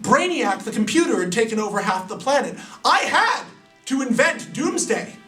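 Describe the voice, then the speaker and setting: A man's voice: extremely high pitch, sing-song, normal speed, fairly bright tone, faint music behind, voice pushed up, full character voice. Smug scheming alien general, guy doing the voice, roomy far-off sound.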